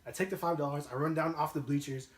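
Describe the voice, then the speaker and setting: A young man with a fairly high voice tells a story in loose, slangy casual chat and laughs often. His voice carries a roomy echo. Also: steady tone, quick pace. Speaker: guest storyteller.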